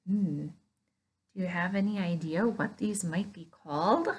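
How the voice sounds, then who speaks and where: A woman teaching an online preschool Bible lesson, animated and playful, gasping in delight as she talks to small children. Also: a little high.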